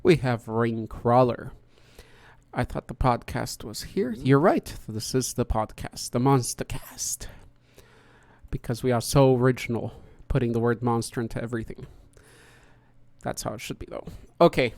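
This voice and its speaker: A man's voice: medium pitch, normal speed, a little mellow, no room sound. A man hosting a podcast, chatting casually and greeting each guest in turn. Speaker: podcast host. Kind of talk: casual hosted chat.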